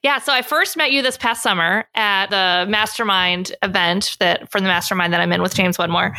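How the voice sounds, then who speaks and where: A woman's voice: mid-range voice, moderate pace, pushed and bright. A woman hosting a podcast, gushing and chatty as she introduces her guest. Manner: gushing, chatty with many fillers. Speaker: podcast host. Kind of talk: casual interview chat.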